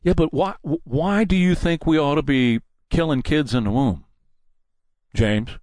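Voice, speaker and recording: A man's voice: a little high, measured pace, darkish tone, no room sound. A man hosting a political commentary show, delivering a combative, preachy and mocking monologue. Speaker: talk show host.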